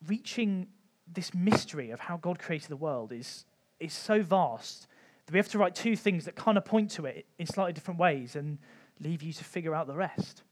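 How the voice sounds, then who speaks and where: Church teacher, male, higher-pitched, chatty and informal, lots of ums. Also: animated, normal speed, hardly any pauses. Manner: conversational, frequent ums, light humour. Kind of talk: informal Bible teaching talk.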